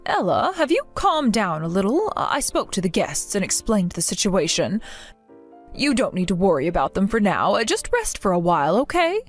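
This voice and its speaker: A middle-aged woman playing a resilient mother who gently comforts her grown daughter. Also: mid-range voice, sing-song, moderate pace, soft background music. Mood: gentle. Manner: gentle, reassuring.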